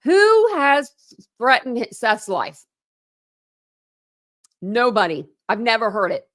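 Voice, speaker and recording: A woman's voice: mid-range voice, animated, slow pace, a bit bright. A woman YouTuber reading legal documents aloud and answering them with indignant, exasperated remarks. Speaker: true crime YouTuber. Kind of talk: reading court documents aloud with heated commentary.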